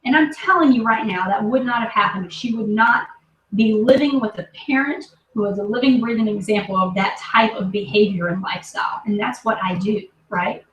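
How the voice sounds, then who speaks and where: A woman in her thirties, a vlogger and business team leader, tells a personal story to camera in a medium-pitched, slightly bright voice at a fairly quick pace. She's emphatic and emotional, often checking in with her listeners. The dull audio has a roomy echo, a distant mic, and faint hiss.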